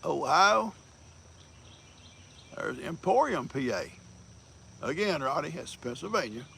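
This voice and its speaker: A man's voice: a little high, sing-song, slow pace, vocal fry, a bit bright, a little hiss or hum. An older man, hosting a casual livestream, folksy and teasing, laughing often as he greets viewers. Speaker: livestream host.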